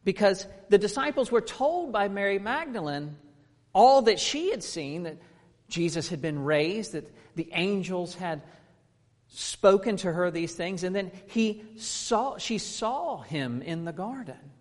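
A man's voice: high-pitched, lively intonation, measured pace, darkish tone, big-room sound. A man in his thirties preaching a sermon, earnest and emphatic, asking rhetorical questions.

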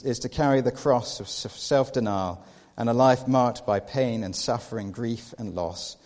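A man preaching a sermon, earnest, with repeated rhetorical questions and shifts between hushed and emphatic delivery. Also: mid-range voice. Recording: long reverb of a large hall.

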